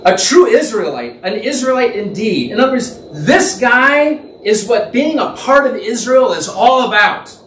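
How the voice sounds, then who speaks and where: A man's voice: very high voice, big pitch swings, measured pace, few pauses, a bit bright. A man teaching from the Bible in a conversational, thinking-aloud way, imagining the scene and correcting himself as he goes. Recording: echoey room, distant mic, faint background noise.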